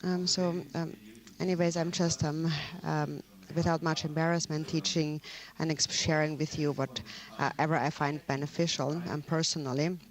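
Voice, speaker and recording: A man explains a Buddhist teaching, his voice sitting a little high and staying fairly flat in tone. He talks humbly and hesitantly, breaking up his sentences with frequent ums. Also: moderate pace.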